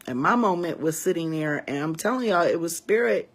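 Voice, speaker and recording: A woman's voice: lowish voice, lively intonation, fairly quick, breathy edge. A woman in her forties from Chicago's West Side, telling a story to her viewers in a casual, emphatic and profane way. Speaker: vlogger and priestess.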